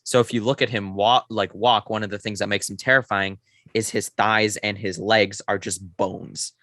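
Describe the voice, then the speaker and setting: A young man co-hosting a podcast, chatting excitedly about a film in a rambling way with lots of fillers. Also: fairly low pitch, moderate pace, no echo, studio quality. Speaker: podcast co-host. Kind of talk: casual film review chat.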